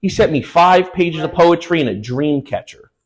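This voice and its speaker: A young man works a comedy club stage with a stand-up set. His voice sits a little high, and he tells crude, rambling stories full of slangy asides. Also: expressive, normal speed, low-quality recording.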